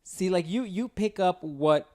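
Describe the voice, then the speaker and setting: This co-host's voice sits high and moves a little slowly. He chats casually on a podcast, telling long-winded, profane stories with plenty of fillers and an animated, storytelling manner.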